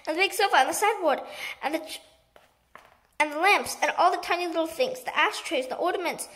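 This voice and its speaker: A woman voicing an excited, bossy male monkey who shouts orders in a storybook reading. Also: extremely high pitch, a little fast, pitched above the performer's own voice. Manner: shouting orders, breathless and eager.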